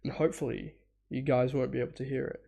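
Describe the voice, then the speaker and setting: A man's voice: mid-range voice, steady tone, quick pace, creaky, mellow. A man with a cold, sniffling and stuffy, rambling casually through a live reaction stream, laughing, swearing now and then, and humming bits aloud. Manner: hums parts aloud.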